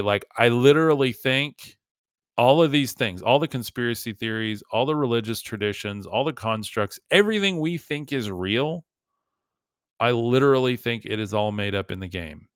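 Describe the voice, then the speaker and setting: A man's voice: lowish voice, fairly bright tone, no echo, clean studio sound. A man hosting a podcast in a casual, emphatic monologue, often saying "like" and talking to his listeners as "guys". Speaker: podcast host.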